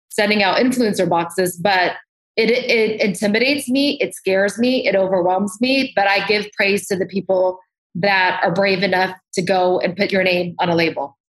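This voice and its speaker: A woman's voice: medium pitch, normal speed. A woman makeup artist, a guest in a casual interview, talking candidly and animatedly and swearing freely. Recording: roomy echo.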